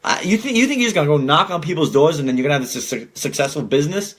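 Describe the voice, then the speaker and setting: A man's voice: a little high, animated, racing. A young man hosting a podcast, ranting casually and swearing a lot as he gets worked up. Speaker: podcast host.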